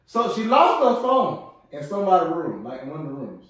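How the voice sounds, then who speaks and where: A man's voice: a little high, fairly quick. A young man telling stories in a casual podcast chat, acting out other people's voices as he goes. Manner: animated, acts out voices in his stories. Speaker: podcast co-host. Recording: echoey room, mic at a distance.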